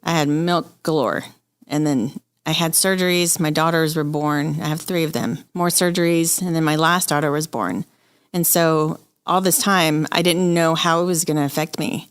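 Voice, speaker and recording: Low-voiced woman telling her story. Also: moderate pace, dry recording, studio quality. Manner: candid, open, quotes people she talks to. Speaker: interview guest. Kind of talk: emotional personal story.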